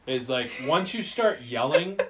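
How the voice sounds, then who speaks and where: A man's voice: a little high, lively intonation, unhurried, fairly bright tone, a little hiss or hum. A man hosting a casual sports podcast, ranting bluntly with plenty of swearing and loose, rambling sentences. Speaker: podcast host. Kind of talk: casual chat.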